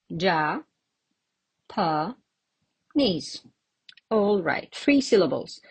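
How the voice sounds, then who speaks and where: A woman teaching English word stress in a casual lesson, drawing words out slowly and laughing lightly between examples. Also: on the low side, husky, no room sound. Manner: slow, drawn-out demonstration of words, with light laughs.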